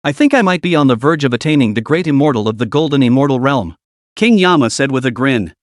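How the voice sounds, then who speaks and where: Guy reading a fantasy recap, bouncy pitch, dead dry mic. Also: animated, fast talker, no echo. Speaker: narrator. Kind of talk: scripted story narration.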